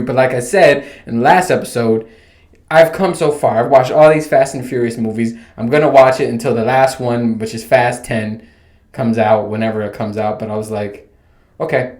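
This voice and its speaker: The recording comes from a bare-walled room at home, untreated and echoey, where a thirty-something man hosts his casual podcast alone. At normal speed and in a mid-range voice, he rants and tells animated, rambling stories, swearing plenty.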